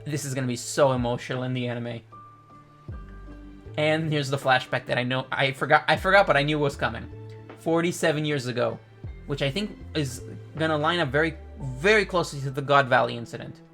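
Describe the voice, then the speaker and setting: A man's voice: mid-range voice, a little fast, fairly bright tone, soft background music. A man casually reacting to and reviewing a manga chapter, thinking aloud and correcting himself as he goes.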